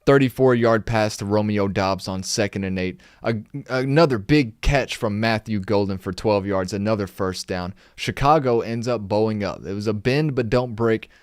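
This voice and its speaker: The same sort of young host recaps games on a laid-back live stream, consulting notes and asking exasperated rhetorical questions. He speaks at a moderate pace with few pauses, in a lowish, clear, resonant voice captured in echo-free studio quality.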